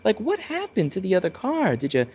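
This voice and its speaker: A man's voice: sits high, huge pitch swings, fairly quick, darkish tone, slight background noise, voice pushed up. A man voicing a nosy, two-faced relative who pries while pretending to worry. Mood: fake concern. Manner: sugary fake-concerned prying.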